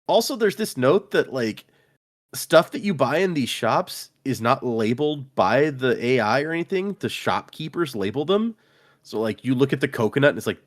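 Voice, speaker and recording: On a podcast he co-hosts, this man casually runs through book chapters, performing the characters' lines as he goes and laughing often in a lively retelling. His mid-range voice moves a little fast in this relaxed chat.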